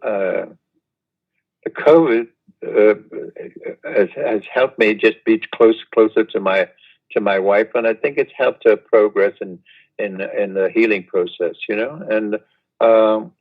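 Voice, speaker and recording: An older man, a guest reminiscing in an unhurried, rambling way over a video call. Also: lowish voice, narrow, tinny audio. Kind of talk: casual interview chat.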